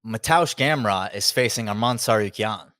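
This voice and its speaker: Man, deadpan banter, low pitch, dry mic. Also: normal speed, no room sound. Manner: deadpan joking. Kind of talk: casual podcast banter.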